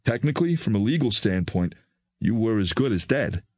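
A man voicing a kindly, soft-spoken older male doctor, his voice low and gentle. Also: expressive, moderate pace, breathy edge, no room sound, clean studio sound. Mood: grave, measured.

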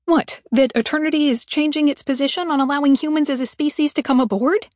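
A woman reading an audiobook, voicing a blunt, sarcastic young heroine who snaps back fast. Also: high voice, animated, darkish tone, dry recording, studio quality. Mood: snappy. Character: brash, impatient young woman on a space station.

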